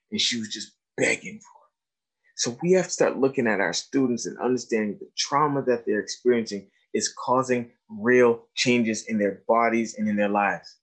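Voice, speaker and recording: A man's voice: mid-range voice, husky. A man in his thirties giving an informal talk to educators about trauma, telling stories and acting out the voices of the people in them. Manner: storytelling, animated, acts out quoted dialogue.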